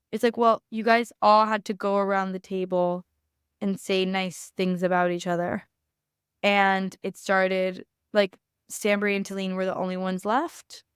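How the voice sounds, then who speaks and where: Blunt, opinionated woman, smooth and dry. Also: medium pitch, no echo. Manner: opinionated, blunt, swears freely. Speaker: podcast host. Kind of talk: casual reality TV recap.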